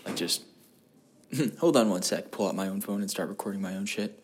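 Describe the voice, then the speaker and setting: A man's voice: fairly low pitch, fast, a little mellow, a little hiss or hum. A young man hosting a solo podcast, rambling and swearing as he questions himself in frustration while sitting on a toilet. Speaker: podcast host.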